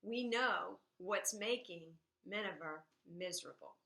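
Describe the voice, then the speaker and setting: A woman English teacher giving a recorded lesson on poems, explaining step by step and reading verse aloud with expressive emphasis. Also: medium pitch, measured pace, creaky, roomy sound, rough recording. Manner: explains step by step, checks in with "all right?". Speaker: high school English teacher. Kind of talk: recorded classroom lecture.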